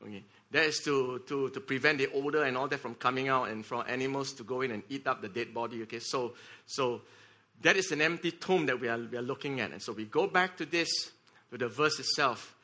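A man's voice: medium pitch, fairly quick. A man preaching a sermon, often repeating words and checking in with the congregation by asking "okay?" and "right?". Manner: leads the congregation in shouting together.

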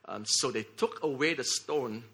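A man's voice: medium pitch, measured pace, breathy edge. A man preaching a sermon, often repeating words and checking in with the congregation by asking "okay?" and "right?". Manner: leads the congregation in shouting together.

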